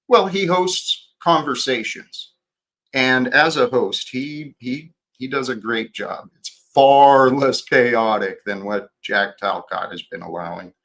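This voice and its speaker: Man, livestream host, slow unhurried delivery, bright tone, reflective. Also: mid-range voice, gravelly. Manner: slow, reflective, halting with restarts. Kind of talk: casual livestream chat.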